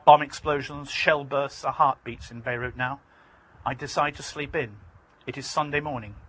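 British man reading his memoir, husky. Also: medium pitch, steady tone, moderate pace, fairly bright tone, poor audio. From Britain. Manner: vivid, emphatic storytelling. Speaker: author reading his book.

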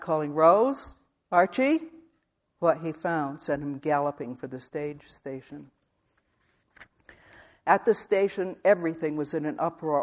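A man narrates a literary western novel for an audiobook, his voice sitting a little higher than most men's. He reads in a measured, even way, steady from one sentence to the next. The delivery is calm and clear.

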